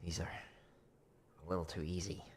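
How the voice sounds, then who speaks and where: A man's voice: sits low, flat delivery, normal speed, background noise. A man teaching drumming on a casual practice stream, counting beats aloud and making playful asides to himself. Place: home practice room. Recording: loud drum clicks behind voice. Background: drumming clicks and taps.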